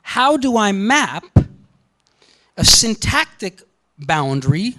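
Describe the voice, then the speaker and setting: A man giving a university lecture, animated and often checking in with the class. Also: high voice, takes it slowly, low-quality recording.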